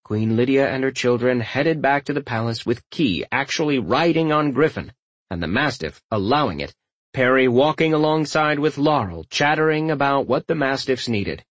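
A man reading a fantasy novel aloud, his pitch rising and falling freely in an animated telling. The recording is dry and close, with no room sound. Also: normal speed, no room sound. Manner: lively, expressive storytelling. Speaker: audiobook narrator. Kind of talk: scripted narration.

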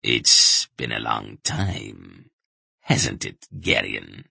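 A gloating thug with a quiet, ugly menace, put on by a male narrator, pitched down to a deep, gravelly growl. Every line is low and soft, with a sneer behind it. The sound is close and dry, with no room around it. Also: big pitch swings, drawn-out words, no echo, full character voice. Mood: menacing.

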